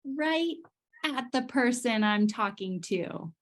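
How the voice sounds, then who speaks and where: At a virtual certificate ceremony held by video call, a clinician with a slightly high, animated voice commends each child in a slow, supportive manner.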